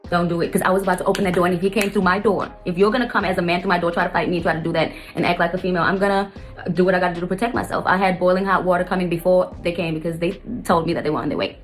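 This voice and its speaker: A woman's voice: fairly low pitch, steady tone, rapid-fire, soft background music. A stepmother recounting a family story to her viewers, rambling and often turning to address them directly. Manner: rambling, keeps addressing viewers as you guys. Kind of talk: fast emotional storytelling to camera.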